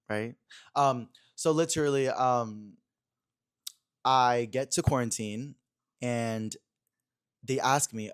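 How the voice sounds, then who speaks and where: A young man hosting a podcast in a small room, chatting casually and acting out quotes as he retells a story. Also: medium pitch. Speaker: podcast host.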